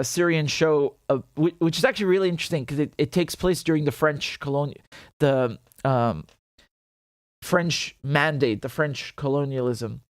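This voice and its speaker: A man's voice: fairly high pitch, no echo, studio quality. A man hosting a casual livestream, talking loosely, laughing often and breaking into Arabic phrases. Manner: chatty, laughs often, mixes Arabic and English. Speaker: show host.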